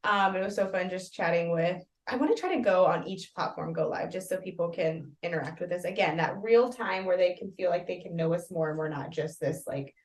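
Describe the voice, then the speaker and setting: A woman co-hosting a casual podcast with her husband, lively and laughing often. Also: fairly low pitch, fairly quick, hardly any pauses, far from the mic. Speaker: podcast co-host. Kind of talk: casual chat. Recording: roomy sound, a bit off-mic.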